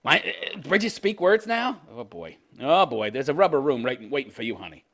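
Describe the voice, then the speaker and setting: Mocking, lively-voiced man in his fifties. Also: mid-range voice, normal speed, creaky, husky. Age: 50s. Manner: sarcastic, crude and mocking, laughs at his own jokes. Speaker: commentary channel host. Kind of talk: reading and mocking a news article.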